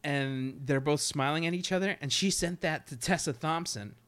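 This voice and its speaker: A man co-hosting a casual chat, joking fast and crude and laughing often. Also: fairly high pitch, fairly bright tone, slight background noise. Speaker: podcast co-host.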